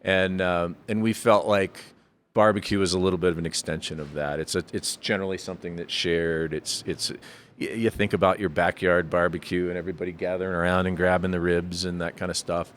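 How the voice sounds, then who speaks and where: A man's voice: low-pitched, steady tone, a little fast, a bit bright, slight background noise. A man as a brewery guest on a casual podcast, giving thoughtful, rambling explanations with frequent self-corrections and lifting his voice when he jokes.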